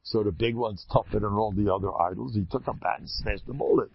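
A man's voice: on the low side, quick pace, creaky, husky, no echo. A man giving a humorous religious talk, quizzing his listeners and mixing in Hebrew and Yiddish terms. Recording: dry, muffled lo-fi recording.

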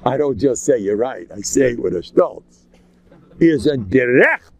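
A man giving an informal, joking religious talk, animated and acting out quotes in sudden high voices. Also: normal speed. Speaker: religious lecturer. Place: local community gathering.

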